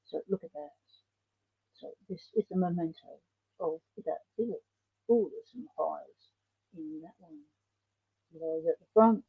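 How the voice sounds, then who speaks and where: A woman's voice: sits low, measured pace, creaky, long pauses, slightly rough, dry recording. An Australian woman hosting a casual livestream, chatting in a rambling way and answering viewer comments. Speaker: livestream host. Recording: dull lo-fi stream audio.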